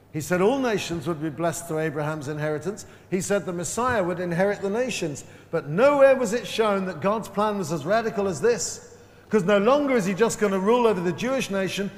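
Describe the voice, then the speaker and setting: A man preaching a sermon at a Christian conference, emphatic and slowing down to stress key words. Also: sits high. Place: large hall at a Christian conference. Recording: live sermon with long hall reverb.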